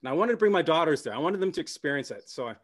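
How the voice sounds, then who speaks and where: Lively Canadian man doing stand-up. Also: fairly high pitch, very fast. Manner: animated, jumps into character voices. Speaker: stand-up comedian. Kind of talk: stand-up comedy set. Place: comedy club stage with audience.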